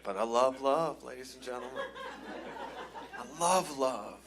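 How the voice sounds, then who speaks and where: A man from Cleveland, Ohio, doing a live stand-up set on a comedy club stage, telling wry, self-deprecating stories that build into excited rants. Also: medium pitch, measured pace, pauses often. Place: comedy club stage before a laughing audience.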